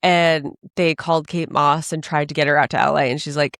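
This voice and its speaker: With a low voice and a slightly fast delivery, she barely pauses as she co-hosts a podcast, chatting casually and acting out the characters in her anecdotes. The recording is studio quality, without room sound.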